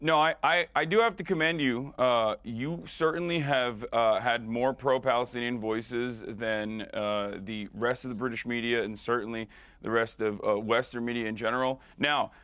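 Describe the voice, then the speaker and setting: A male streamer joins a TV interview by video call, speaking deliberately and pausing often on filler words. His voice comes through close and dry, with no room sound. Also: medium pitch, fairly even intonation, a bit bright, no room sound. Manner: measured, hesitant with many fillers. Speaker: guest, online streamer. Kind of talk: live interview over a video link.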